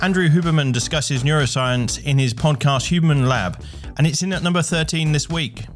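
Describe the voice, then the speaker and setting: A man's voice: a little high, brisk, music in the background. A man hosting a podcast chart countdown in an upbeat presenter style. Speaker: chart show host.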